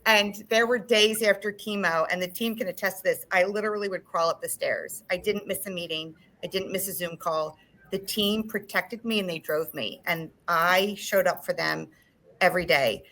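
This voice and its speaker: A woman real estate agent speaking on a panel, telling emotional, animated stories about hard times. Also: on the low side, normal speed, rough recording. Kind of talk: candid panel talk.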